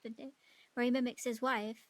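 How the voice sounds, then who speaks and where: Gossipy woman in a roleplay, kinda high voice, dry sound. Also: level tone, fairly quick, dry recording. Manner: chatty, gossipy. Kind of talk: in-character casual chat.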